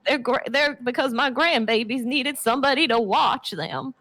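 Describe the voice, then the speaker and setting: A woman's voice: high voice, moderate pace, pushed and bright. A woman playing an old great-grandmother with old-fashioned ideas about discipline, who still swears now and then. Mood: chatty. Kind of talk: comedic improvised chat.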